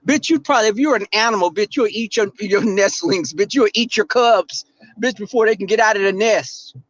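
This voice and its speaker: A man's voice: high voice, brisk, fairly bright tone. A man with a Southern drawl ranting in a brash, profane, sassy livestream commentary. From Southern US, Texas. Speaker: livestream host. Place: outdoors in the cold. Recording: dull, dry sound.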